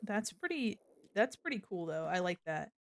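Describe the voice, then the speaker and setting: A woman's voice: medium pitch, big pitch swings, moderate pace, no room sound, soft background music. A woman hosting a stream who chats casually and rambles, distracted while she beads small crafts. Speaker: streamer host.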